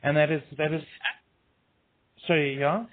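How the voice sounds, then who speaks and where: Halting male radio host, flat delivery. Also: on the high side. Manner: halting, many restarts. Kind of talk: casual interview chat. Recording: tinny phone line.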